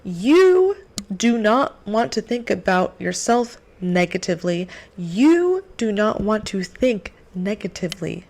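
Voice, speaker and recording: A young woman talking to camera about her faith, earnest and animated, with plenty of "like". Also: mid-range voice, slow. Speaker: faith vlogger. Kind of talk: casual faith talk to camera.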